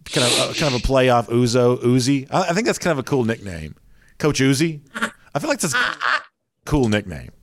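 A man's voice: medium pitch, expressive, a little fast. A man co-hosting a casual sports talk show in a wry, chatty way. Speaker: sports podcast co-host.

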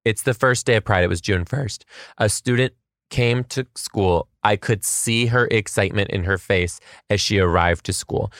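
A man, a schoolteacher, hosting a comedic solo podcast with quick asides and rhetorical questions. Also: lowish voice, fairly bright tone, no room sound, clean studio sound.

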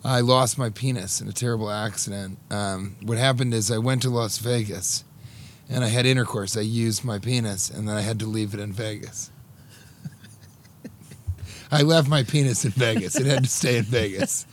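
A man co-hosting a comedy podcast, playful and teasing in casual chat, quick to laugh. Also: on the low side, fairly even intonation, a little hiss or hum.

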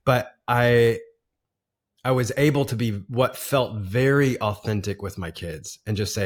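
A man's voice: medium pitch, measured pace. A man in his forties, a podcast guest, telling a personal story in a casual, earnest way with frequent laughs and restarts.

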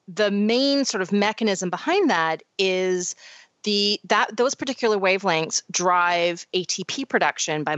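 A woman's voice: mid-range voice, a bit bright, no room sound, lo-fi sound. A woman co-hosting a podcast, explaining science in a casual, chatty way with frequent restarts. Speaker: podcast co-host.

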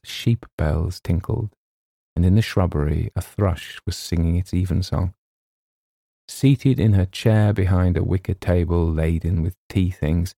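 Brief: male audiobook narrator, low mellow voice, dry close sound. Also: creaky, no room sound. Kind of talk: scripted narration.

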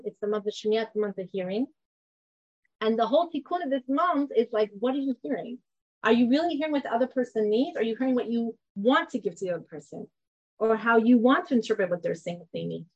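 A Torah teacher with a mid-range voice leads an informal class, talking conversationally and asking the group questions. The recording of the class is dull and lo-fi.

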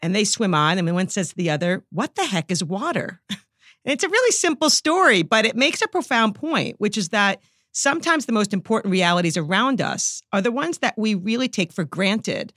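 A middle-aged psychology professor with a New York accent answers interview questions, telling stories animatedly and laughing easily. Her medium-pitched voice is brisk, captured in a dry, studio-quality recording.

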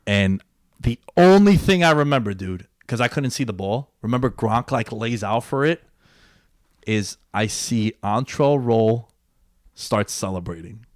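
A young man hosting a casual podcast, telling sports stories with excitement and plenty of swearing. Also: on the low side, no echo, clean studio sound. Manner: excitable storyteller, swears freely. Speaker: podcast host. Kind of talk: casual chat.

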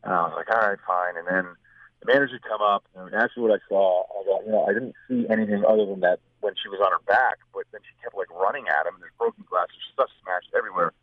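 A man on a tinny, phone-like line, his voice sitting a bit low. He is a guest telling a rambling story and acting out other people's lines. The sound is dry and close. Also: fast talker, no room sound. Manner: rambling anecdote with acted quotes. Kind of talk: casual storytelling.

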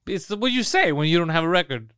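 Higher-voiced man telling profane stories. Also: sing-song, quick pace, fairly bright tone, clean tone, no echo, clean studio sound. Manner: profane storytelling, acts out quotes. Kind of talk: casual comedic chat.

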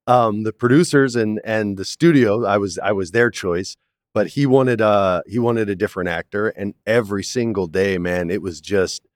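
Man, 40s, low voice, chatty and animated storyteller, dry studio sound. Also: normal speed, no room sound. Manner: animated storyteller, acts out quotes, says "man" often. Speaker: actor, interview guest. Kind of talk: casual storytelling interview. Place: studio, in person.

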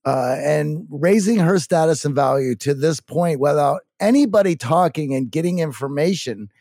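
A man co-hosting a podcast, talking haltingly with many "uh" pauses. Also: on the high side, animated, a little mellow, dry recording, studio quality. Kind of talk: conversational commentary.

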